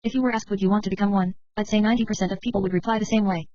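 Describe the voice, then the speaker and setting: A woman reading a novel aloud as first-person narration, in a brisk, steady way of telling an inner monologue. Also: mid-range voice, dry recording. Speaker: audiobook reader. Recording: dry, slightly muffled recording.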